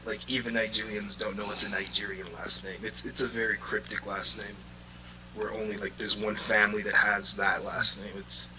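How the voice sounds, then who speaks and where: A man co-hosting a podcast, chatting casually in a relaxed, measured way. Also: on the low side, noisy background. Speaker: podcast co-host. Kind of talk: casual chat.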